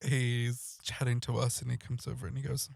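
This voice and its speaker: A man co-hosts a casual podcast, telling gossipy stories in a camp, laughing manner. His voice has a gravelly fry at the edges, and the recording is dry and close to the mic. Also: mid-range voice, monotone, moderate pace, a little mellow, no echo. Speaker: podcast co-host. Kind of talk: casual chat.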